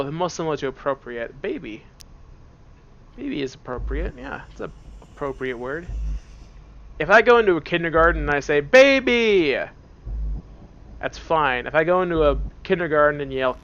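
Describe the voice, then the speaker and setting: A man with a slightly high, gravelly voice talks through a computer game. He is in a dark room at home with headphones on, and keeps joking to himself as he plays. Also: expressive, a little fast, dull audio. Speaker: let's play host. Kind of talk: casual gameplay commentary. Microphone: wearing headphones at the computer.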